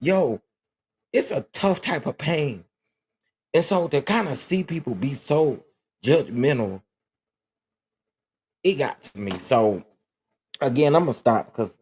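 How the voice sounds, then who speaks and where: A man's voice: mid-range voice, lively intonation, unhurried, long pauses, darkish tone, breathy edge. A man hosting a casual livestream chat, talking earnestly and emotionally, often repeating himself as he answers viewers. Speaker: livestream host.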